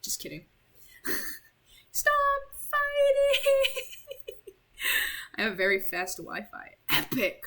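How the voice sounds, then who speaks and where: A woman's voice: very high voice, huge pitch swings, extremely slow, long pauses, a bit bright, low-quality recording. Chatty young woman streaming a game. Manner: chatty, rambling, heavy use of "like", apologetic. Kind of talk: casual game commentary.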